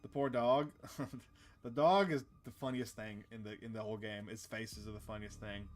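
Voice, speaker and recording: A man's voice: fairly low pitch, steady tone, moderate pace, faint music behind. A man streaming a visual novel, reading the dialogue aloud and joking with his chat in a playful, casual way. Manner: playful, jokey asides to chat. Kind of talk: casual let's-play narration with character reading.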